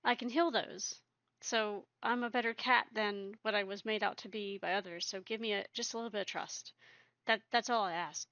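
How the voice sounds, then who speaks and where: Brief: woman voicing a guilty, earnest tomcat healer, bright tone, dull lo-fi sound. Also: medium pitch, steady tone, moderate pace, dry recording, lightly acted. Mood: pleading. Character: remorseful male medicine cat, pleading.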